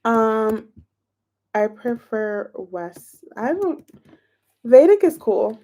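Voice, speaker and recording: A woman's voice: a little high, sing-song, drawn-out words, dark tone. A woman reading tarot on a livestream, counting aloud as she shuffles and chatting casually with her viewers. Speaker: tarot reader.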